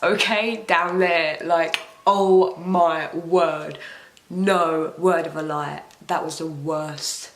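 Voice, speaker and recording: A woman's voice: on the low side, gravelly, fairly bright tone. A young woman telling a personal story to camera in a chatty way, full of "like" and "oh my gosh". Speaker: vlogger. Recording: echoey room.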